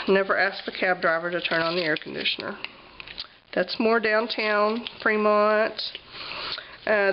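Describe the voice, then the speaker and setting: Woman, coughing and clearing her throat, casual vlog chat, lots of ums, muffled lo-fi sound. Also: fairly low pitch, background noise. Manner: chatty, with frequent ums. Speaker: vlogger. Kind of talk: casual travel journal flip-through.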